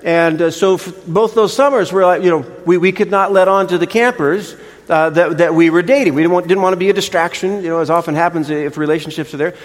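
A man's voice: high-pitched, fast talker. Older male preacher in a reverberant hall. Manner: animated, chatty storytelling with restarts. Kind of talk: storytelling sermon. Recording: long reverb of a large hall.

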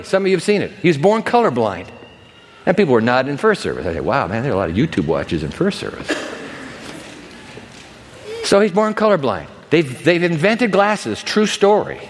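A man preaching a sermon to a congregation, telling a story with lively acting and asides. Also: on the high side, normal speed, pauses often, long reverb tail, a little hiss or hum. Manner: animated storytelling, acts out characters. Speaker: pastor. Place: large church hall with long reverb.

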